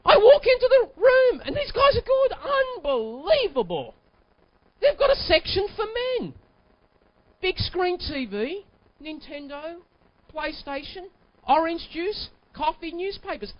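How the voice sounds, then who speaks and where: A man in his forties giving an animated, emphatic keynote talk, telling a personal story and at times breaking into shouts. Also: very high voice, a little slow, no room sound. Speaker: keynote sales speaker. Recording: dull lo-fi recording.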